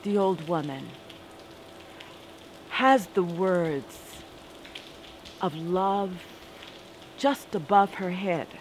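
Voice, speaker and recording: Slow, deliberate woman storyteller. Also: lowish voice, a little hiss or hum, rough recording. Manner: slow, deliberate, dramatic delivery with repetition. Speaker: spoken word performer. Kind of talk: spoken word storytelling.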